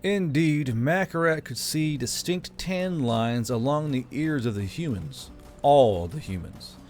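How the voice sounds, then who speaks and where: A male storyteller reading a story aloud at a mid pitch. His delivery is steady and measured, with no showy flourishes. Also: soft background music. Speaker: audiobook narrator. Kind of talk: scripted story narration.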